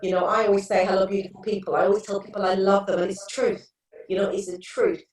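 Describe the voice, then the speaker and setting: A woman's voice: medium pitch, level tone, fast, a little mellow. A middle-aged woman, a therapist telling stories earnestly in a casual interview, with many restarts. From England. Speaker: guest therapist. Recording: echoey room, distant mic.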